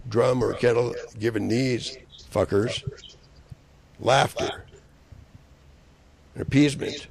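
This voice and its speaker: A man with a heavy, gravelly fry in his voice and a low pitch rants alone. He talks in profane, rambling accusations, breaking off and restarting, and at times rises into shouts. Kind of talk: solo angry rant.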